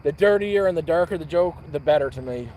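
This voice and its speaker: A man telling a dirty joke on a livestream at an outdoor campfire, rambling and repeating words, with loud sound effects. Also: a little high, lively intonation, fast, a little hiss or hum. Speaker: livestream host.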